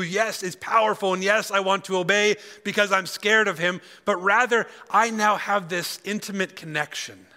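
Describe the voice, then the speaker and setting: A man giving a sermon as a guest speaker at a conference, reading scripture aloud with emphatic pauses. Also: high voice, sharp tone, in a large hall. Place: conference hall.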